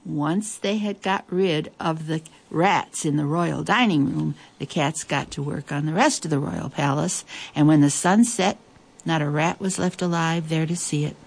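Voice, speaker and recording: Woman, children's story narrator, slightly low voice, lively and expressive with playful asides. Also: normal speed, gravelly, husky.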